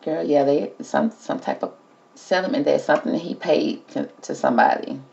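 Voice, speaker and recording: A tarot reader with a low, slightly mellow voice and vocal fry speaks at a moderate pace in a sing-song way. Chatty and casual, she talks to the cards and calls everyone "girl," and the recording sounds muffled.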